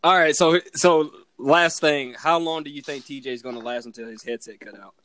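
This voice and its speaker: A man's voice: a little high, steady tone, moderate pace, pushed and bright, dry recording. A man hosting a casual podcast chat with friends, joking, laughing and cussing as he talks. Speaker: podcast host.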